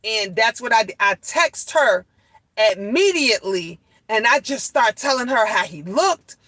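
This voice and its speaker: Middle-aged woman vlogger, bright and dry, emphatic repetition. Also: a little high, a little slow, dry recording, rough recording. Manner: animated, cursing, repeats herself for emphasis. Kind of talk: casual storytime talk to viewers.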